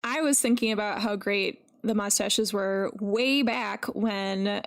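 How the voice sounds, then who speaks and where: A woman co-hosting a casual film podcast, talking in an animated and opinionated way. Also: medium pitch, slow. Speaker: podcast co-host.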